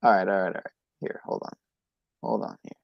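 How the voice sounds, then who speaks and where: A man's voice: low voice, steady tone, fast talker, creaky, dry recording, muffled recording. Rambling, hesitant podcast host man. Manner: rambling, hesitant, trailing off quietly. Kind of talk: casual livestream chat.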